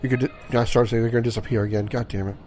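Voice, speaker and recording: A man's voice: medium pitch, steady tone, very fast, noisy background. A man casually commenting on his gameplay, rambling, correcting himself and swearing freely. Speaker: gaming channel host.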